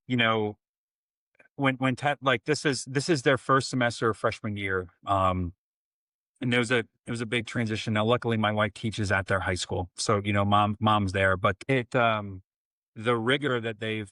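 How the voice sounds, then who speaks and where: Low-voiced man telling stories in an interview. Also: steady tone, moderate pace, a bit bright, no echo. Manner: storytelling, many restarts, acts out quotes. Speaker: podcast guest, life coach. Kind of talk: casual interview conversation.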